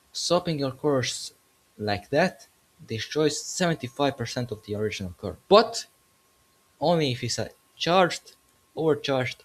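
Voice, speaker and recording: Joking, rambling male gaming commentator. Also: medium pitch. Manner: jokey, rambling, corrects himself mid-sentence. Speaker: gaming video creator.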